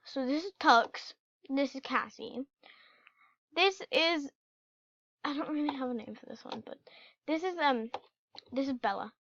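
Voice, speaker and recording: A woman giving casual, excitable commentary while playing a video game and chatting to her in-game pets. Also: high voice, unhurried, pauses often, no echo. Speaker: gameplay channel host. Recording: dull lo-fi home recording.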